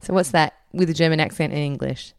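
A woman's voice: low voice, quick pace, clear, resonant tone, no echo, studio quality. A woman hosting a podcast in casual chat, giggly and teasing. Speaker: podcast host.

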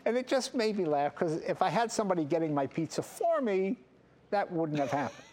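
Animated older man spinning anecdotes. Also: on the high side, moderate pace. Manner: animated, acts out voices in his stories. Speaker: talk show host, guest. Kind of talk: storytelling anecdotes. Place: large car garage.

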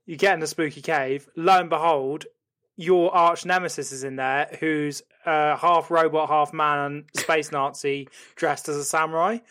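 A man, podcast co-host, retelling a story comically with animated, sweary narration. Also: fairly high pitch, unhurried.

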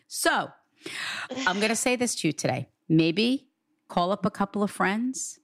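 A woman's voice: mid-range voice, expressive, unhurried, no echo. Earnest woman medium, dry sound. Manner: earnest, reassuring, relays quotes in a raised voice. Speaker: psychic medium. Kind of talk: conversational reading.

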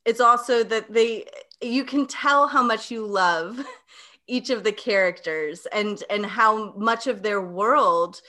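A woman hosts a casual interview and asks her questions slowly. Her voice sits a bit high with a bright, forward edge. She laughs often between questions. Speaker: podcast host.

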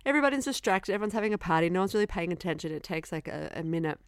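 A woman's voice: on the low side, lively intonation, very fast, clean tone, dry recording, studio quality. A young woman co-hosting a podcast in casual chat, laughing often and acting out quoted lines. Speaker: podcast co-host.

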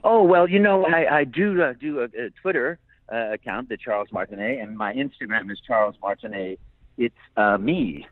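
Heard over a tinny phone connection, an older man who works as a voice actor laughs a lot and chats eagerly in a relaxed interview. His pitch is medium, his speed ordinary, and there's no echo.

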